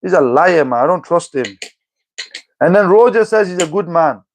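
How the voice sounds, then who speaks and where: A man's voice: high-pitched, lively intonation, moderate pace, a little hiss or hum. A young man livestreaming, reading viewer comments aloud and answering them in an exasperated, scolding way. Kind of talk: live chat reading and replying.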